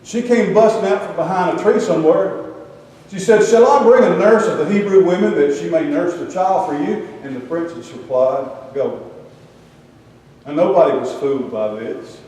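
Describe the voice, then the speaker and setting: An older man preaches in a folksy, joking storytelling way, his voice a bit high but dark and mellow. He sounds distant from the mic, with a long, booming echo of a big hall around him. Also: moderate pace. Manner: storytelling with humorous asides. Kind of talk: folksy sermon with slides.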